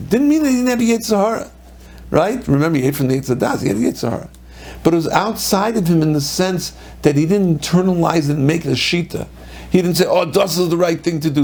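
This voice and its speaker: Gravelly-voiced rabbi giving a lively talk. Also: male voice. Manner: animated, acts out quoted voices with sudden pitch jumps. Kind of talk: Torah lecture.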